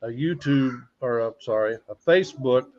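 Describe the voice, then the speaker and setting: An American man chats through a casual livestream, rambling easily from topic to topic. His voice sits in a middle pitch. The sound is dull and lo-fi. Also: moderate pace, a little mellow. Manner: easygoing, rambling, retells conversations. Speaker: livestream host. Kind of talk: casual live-stream chat.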